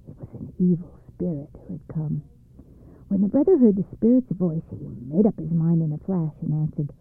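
A storyteller reading a folktale aloud in a measured, expressive way. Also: mid-range voice, creaky, breathy edge, no echo. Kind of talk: storybook narration. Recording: dry, phone-like narrow band.

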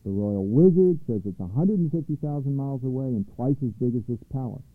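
A man voicing a hot-tempered, worried king who talks loudly and insistently, over a tinny line. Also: mid-range voice, animated, fairly quick, no room sound, close to an everyday voice. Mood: mournful. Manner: loud and demanding, then mournful. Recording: tinny phone-like line, dry.

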